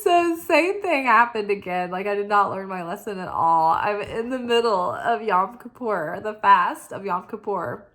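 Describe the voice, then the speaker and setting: A woman's voice: medium pitch, lively intonation, a little slow, hardly any pauses, a bit bright. A tired woman hosting a weekly oracle forecast, chatting casually and mocking herself, with many "like"s. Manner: chatty and self-mocking, lots of "like". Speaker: spiritual oracle reader. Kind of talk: casual chat.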